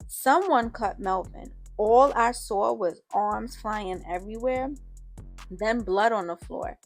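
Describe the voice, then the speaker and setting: A woman's voice: mid-range voice, soft background music. A woman narrating a first-person story in casual slang, voicing the other people's lines in her own voice. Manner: casual street-slang storytelling, quick snappy delivery of quoted lines.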